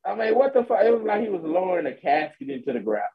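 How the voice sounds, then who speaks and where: A man co-hosting a podcast, ranting and mocking loudly in profane casual chat. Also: sits high, very animated, fast talker, creaky, crowd noise. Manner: loud, ranting, mocking, laughs a lot. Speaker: podcast co-host. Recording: dull lo-fi sound.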